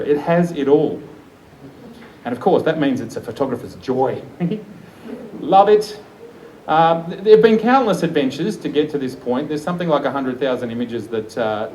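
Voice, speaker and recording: A man in his forties gives an enthusiastic launch speech to a room of guests, chatty and quick to laugh. His voice sits at a middle pitch. Faint noise hangs behind it. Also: darkish tone, rough recording. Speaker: photographer giving a book launch speech. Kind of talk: live speech to an audience. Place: event room with an audience.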